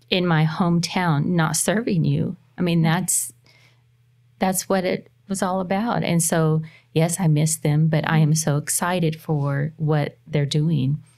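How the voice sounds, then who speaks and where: Brief: middle-aged woman, low gravelly voice, earnest motherly guest on a casual podcast. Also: steady tone, unhurried, a little mellow.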